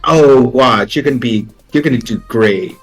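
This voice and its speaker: A man's voice: mid-range voice, moderate pace, slightly rough, soft background music. A man eagerly playing a tabletop game in casual chat. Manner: eager, enthusiastic. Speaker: player.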